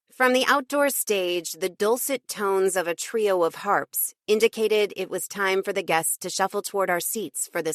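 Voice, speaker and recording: A woman narrating a cozy mystery audiobook in first person, with wry, lively storytelling. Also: on the low side, dry recording, studio quality.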